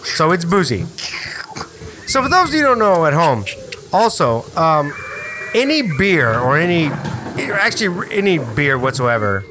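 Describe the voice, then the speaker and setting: A man hosting a casual beer-review podcast, animated and profane as he tells stories. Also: on the high side, unhurried, long pauses. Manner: animated, swearing storyteller. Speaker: podcast host. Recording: noisy room.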